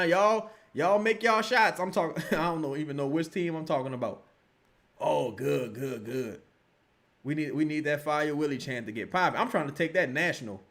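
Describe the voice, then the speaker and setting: A man reacting live to a basketball game and reading chat, with loud, profane, exasperated outbursts. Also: fairly high pitch. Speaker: sports streamer reacting live.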